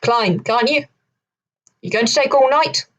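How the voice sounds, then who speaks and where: A woman doing a gruff London sailor with a musket. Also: mid-range voice, steady tone, a little slow, natural voice. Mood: menacing. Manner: threatening, shouting down.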